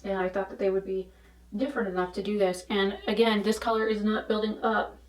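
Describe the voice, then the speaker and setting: A woman talks her way through a makeup routine in chatty, rambling vlog style, with frank asides along the way. Her voice sits at an ordinary middle pitch. She is heard from a bit off the mic, in a room with noticeable echo. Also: flat delivery, brisk. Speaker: beauty vlogger. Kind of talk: casual chat while doing makeup. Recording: roomy echo, speaking from a distance to the mic.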